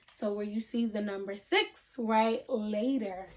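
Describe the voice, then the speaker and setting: In a mid-range voice, a woman teaches children a reading lesson, speaking slowly and deliberately. She breaks words into syllables, repeats sentences, and checks in with the class.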